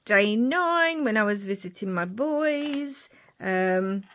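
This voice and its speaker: A woman's voice: mid-range voice, animated, slow. A woman, chatting casually as she shows her crafting journal pages. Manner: chatty, rambling, warm asides. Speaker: crafting vlogger. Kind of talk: casual show-and-tell narration.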